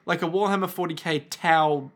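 A man's voice: fairly high pitch, moderate pace, fairly bright tone. A man co-hosting a podcast, recapping an anime episode in casual chat, sarcastic and swearing freely. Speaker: podcast co-host.

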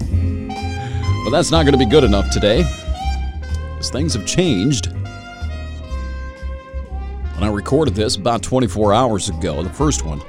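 A man's voice: lowish voice, darkish tone. A man hosting a solo podcast, talking in a loose, rambling, wry way and chuckling at his own jokes. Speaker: podcast host. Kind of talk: casual solo podcast monologue.

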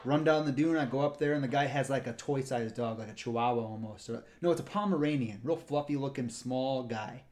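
Speaking briskly with hardly a pause, a man with a medium-pitched, slightly mellow voice shares a meandering story from his park ranger job. He's a co-host on a casual podcast and voices each character himself.

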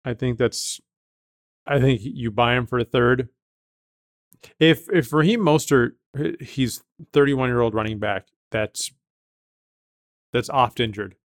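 A man's voice: medium pitch, takes it slowly, long pauses, dry recording, clean studio sound. A man hosting a podcast, casual chat, talking emphatically and thinking aloud with restarts. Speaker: podcast host.

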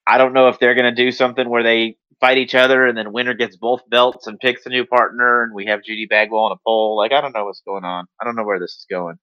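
A man's voice: mid-range voice, level tone, fast, few pauses, dry recording, highs cut off. A man co-hosting a casual talk show, rambling with frequent restarts and dry jokes. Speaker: co-host of a wrestling talk show. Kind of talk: casual chat.

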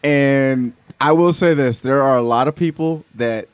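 A man's voice: mid-range voice, measured pace, clean tone, no echo. A man joining a casual podcast as a guest, playful and goofy in the banter.

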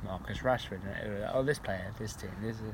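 A man's voice: lowish voice, fast, background noise. A man co-hosting a casual podcast chat in a pub, with dry, facetious teasing. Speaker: podcast co-host.

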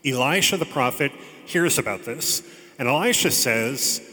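A man delivers a sermon in a crisp, bright voice, telling a scripture story casually and slipping in jokes. His words ring out with a long echo through a large church. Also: mid-range voice, expressive, unhurried. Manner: conversational storytelling with joking asides. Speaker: preacher. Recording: long reverb of a large hall.

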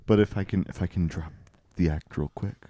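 A man's voice: low-pitched, fairly quick, warm tone, no echo. A male podcast host rambling wryly through an improvised comedy bit, often cutting himself off. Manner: rambling, self-interrupting, wry.

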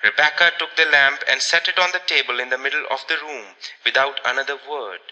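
A man narrating an old story aloud in a measured, expressive way. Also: mid-range voice, big-room sound, muffled recording. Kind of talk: audiobook narration.

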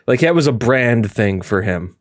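A man hosting a podcast, chatting in a rambling, animated way and laughing often. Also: medium pitch, normal speed, dry recording, clean studio sound. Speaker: podcast host. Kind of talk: casual chat.

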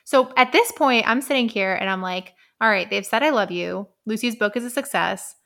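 A woman's voice: a little high, normal speed, gravelly, pushed and bright. A woman co-hosting a podcast, casually and sarcastically recapping a book's plot. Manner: chatty and sarcastic, laughs often. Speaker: podcast co-host. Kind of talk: casual book recap chat.

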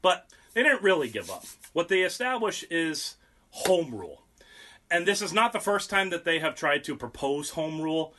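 A man's voice: on the high side, sing-song, moderate pace, noisy background. A young man hosting a podcast, rambling through history in casual talk, profane and sarcastic. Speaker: podcast host.

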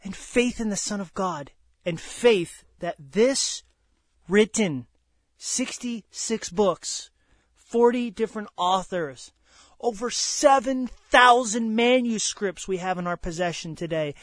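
A man preaches with unhurried, deliberate delivery, letting each phrase land. He swings from booming declarations down to hushed, almost whispered lines. The sound is close and dry, with no room around it. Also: no room sound. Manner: impassioned, slow and emphatic, swings between loud declarations and hushed near-whispers. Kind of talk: sermon.

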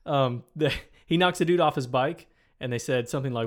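A man's voice: mid-range voice, brisk. A man co-hosting a podcast in casual chat, laughing often and restarting his sentences. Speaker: podcast co-host.

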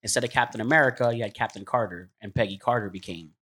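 A man hosting a casual convention chat, playful and joking, quick to laugh. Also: on the low side, pushed and bright, breathy edge. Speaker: convention panel host.

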